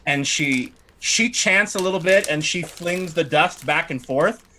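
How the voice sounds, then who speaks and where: A man narrating as game master of a tabletop game, lively, with many fillers. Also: on the high side, unhurried, slight background noise.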